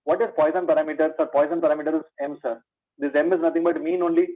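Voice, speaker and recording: Racing along in a slightly high voice with fairly even intonation, the maths teacher, an Indian English speaker, delivers an exam revision lecture. He asks and answers his own questions and addresses students as "my dear." The recording has a thin, phone-like online lecture quality.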